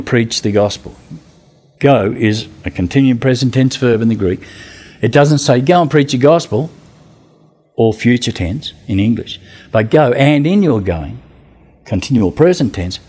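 A man giving an informal talk on Bible translation, answering a group's questions in an animated way that climbs in pitch for emphasis. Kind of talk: casual teaching talk.

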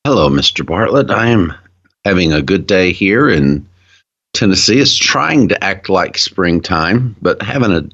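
A man with a very deep voice talks slowly and earnestly as a guest in a casual Bible discussion. He is clearly enthusiastic about his subject. The audio is muffled and lo-fi. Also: big pitch swings, fairly bright tone. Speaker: guest, ministry founder.

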